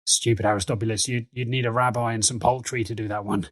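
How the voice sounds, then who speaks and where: A man's voice: mid-range voice, fairly even intonation, quick pace, fairly bright tone, reverberant, lightly acted. A man voicing a flustered male character who mumbles to himself and keeps correcting himself. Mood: muttering.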